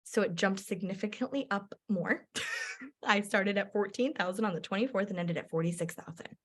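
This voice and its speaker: A woman, a direct-sales entrepreneur, telling a personal story in a chatty, animated way with lots of filler words. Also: mid-range voice, moderate pace.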